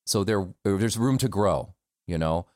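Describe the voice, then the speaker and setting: A man's voice: low voice, animated, unhurried, darkish tone, dry recording, studio quality. A man from the United States, a voice actor talking candidly and self-deprecatingly as a guest in a casual interview.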